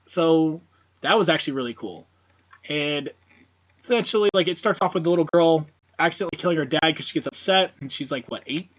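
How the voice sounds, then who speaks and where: A man's voice: a little high, lively intonation, fairly quick. Rambling, cursing man on a dull podcast mic. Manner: rambling, profane, many fillers. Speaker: podcast co-host. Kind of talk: casual film discussion.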